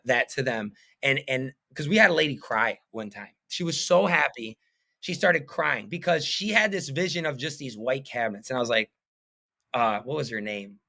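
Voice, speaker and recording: A man's voice: mid-range voice, vocal fry, bright, forceful tone. A man in his thirties, a painting business owner, talking as a podcast guest in an earnest, rambling way full of fillers. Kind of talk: casual interview chat.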